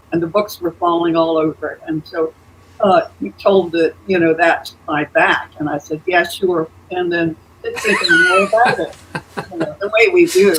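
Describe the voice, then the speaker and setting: A woman's voice: on the low side, a little hiss or hum, low-quality recording. An elderly woman storyteller chatting casually on a video call, telling anecdotes with many "uh"s and "you know"s. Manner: warm anecdotal, chuckling asides, frequent "uh" and "you know". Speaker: storyteller guest.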